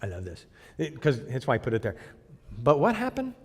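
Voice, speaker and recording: A man preaching a sermon in a blunt, emphatic way, swinging between loud bursts and quiet asides. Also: medium pitch, wildly swooping pitch, a little fast, slightly rough, in a large hall. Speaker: pastor.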